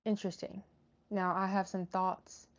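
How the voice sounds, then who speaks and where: A woman's voice: mid-range voice, level tone, measured pace. Woman host, casual live chat, lots of "um"s, slightly dull lo-fi audio. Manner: chatty, many fillers and restarts. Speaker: livestream host reading chat.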